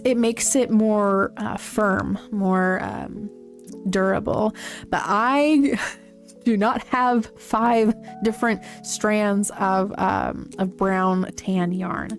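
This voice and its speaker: Rambling woman livestreamer over soft music. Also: medium pitch. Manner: rambling, halting, with frequent fillers and giggles. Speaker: livestream host. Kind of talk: casual livestream chat, answering chat. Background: faint background music.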